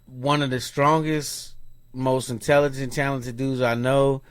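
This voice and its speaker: A man's voice: mid-range voice, a little slow, clear, resonant tone, no room sound. Slangy man telling stories on a podcast. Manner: animated storyteller, acts out quotes, slangy. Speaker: podcast co-host. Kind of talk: casual storytelling chat.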